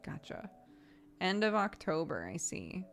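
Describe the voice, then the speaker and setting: A woman streaming, chatting casually, laughing often and getting animated when she retells stories. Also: fairly low pitch, measured pace, slight background noise. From United States. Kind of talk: casual livestream chat.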